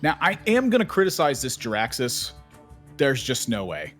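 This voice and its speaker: Excitable male esports caster. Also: moderate pace, soft background music. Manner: excitable, jumps into high exclamations. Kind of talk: live game commentary.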